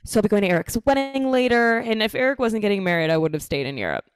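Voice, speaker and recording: Animated woman telling stories at home. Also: medium pitch, quick pace, clear, resonant tone, no echo. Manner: animated storyteller, laughs often. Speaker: true crime podcast host. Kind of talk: casual chat. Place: apartment living room at home.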